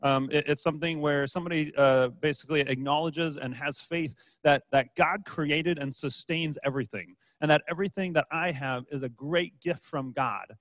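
A man's voice: on the high side, moderate pace, hardly any pauses, a bit bright, dry recording. A man preaching a casual, joking sermon as a pastor, with frequent fillers and restarts. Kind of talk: conversational sermon.

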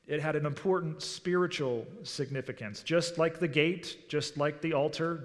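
Preaching pastor in a reverberant church hall. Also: male voice, a little high, fairly bright tone. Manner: rising and falling preaching delivery with questions to the congregation. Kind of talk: sermon. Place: church sanctuary.

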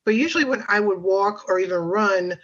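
A woman's voice: medium pitch, brisk. Chatty woman telling her story, lo-fi sound. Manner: chatty, lots of fillers and asides. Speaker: podcast guest. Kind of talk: personal storytelling.

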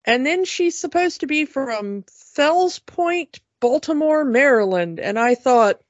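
A woman co-hosting a podcast tells a story in casual chat, restarting often as she goes. Her voice is high-pitched and animated but slow-paced, recorded with no room sound in a dull lo-fi quality.

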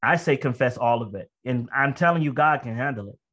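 Telling a personal anecdote, a man delivers his sermon conversationally with lively intonation. Quick asides give way to slow, weighty phrasing, and he breaks into loud, high outbursts whenever he acts out powerful emotions.

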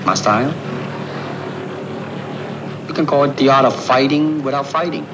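A man playing a terse, calm kung fu master. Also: mid-range voice, moderate pace, natural voice. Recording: old film clip with noise.

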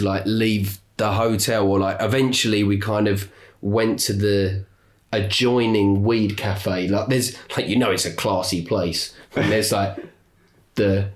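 Guy on a podcast, lowish voice, laughs a lot, swears here and there. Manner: animated, laughs often, swears casually. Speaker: podcast co-host. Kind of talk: casual storytelling chat.

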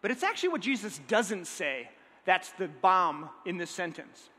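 A man preaching a sermon in a lively, conversational way, often checking in with his listeners. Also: high voice, moderate pace, long reverb tail. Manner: energetic, conversational, checks in with the audience. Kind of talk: sermon teaching.

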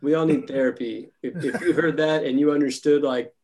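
A man's voice: a little high, steady tone, fairly quick, darkish tone. A man co-hosting a podcast, cracking jokes with laughing asides. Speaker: podcast co-host. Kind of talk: casual podcast chat.

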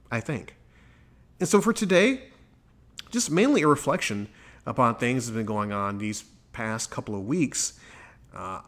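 A man's voice: medium pitch, a bit bright. A man hosting his own podcast, talking in an upbeat, chatty monologue and reeling off plugs. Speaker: podcast host.

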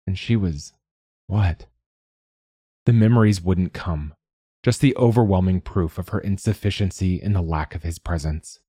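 Deep husky male storyteller. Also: warm tone, dry recording, studio quality. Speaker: narrator. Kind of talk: scripted story narration.

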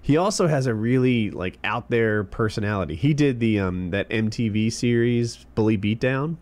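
A man's voice: mid-range voice, normal speed. A man co-hosting a casual podcast, chatting loosely with lots of fillers. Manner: relaxed, rambling, trailing fillers. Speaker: podcast co-host. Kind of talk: casual podcast chat, reading tweets aloud.

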